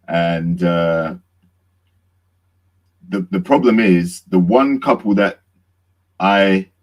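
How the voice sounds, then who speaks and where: A measured man on a panel sums up his view, pausing on fillers as he thinks. His voice is very deep. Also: a little mellow. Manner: measured, hesitant. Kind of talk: casual analysis.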